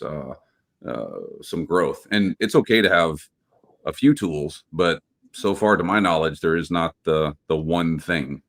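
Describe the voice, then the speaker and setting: A man speaking as an expert guest on an online panel, relaxed and wry over a video call. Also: low-pitched. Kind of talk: casual panel discussion.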